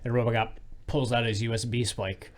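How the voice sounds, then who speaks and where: A man's voice: medium pitch, flat delivery, brisk, slight background noise. Joking man in casual movie chat. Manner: jokey, acts out film scenes. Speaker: podcast co-host.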